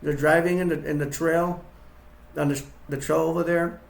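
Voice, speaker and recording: A man's voice: a little high, steady tone, normal speed, vocal fry, roomy sound. Rambling man retelling a horror film. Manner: rambling, restarts, acts quotes in raised voice. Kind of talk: casual acted-out retelling with toys.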